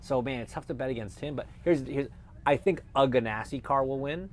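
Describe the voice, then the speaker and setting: A man in his thirties talks as a former driver and analyst, spinning lively stories and acting out little quotes. His voice sits at an ordinary middle pitch. Faint background noise runs under it. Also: fairly quick. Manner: animated storyteller who acts out quotes. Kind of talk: casual interview chat.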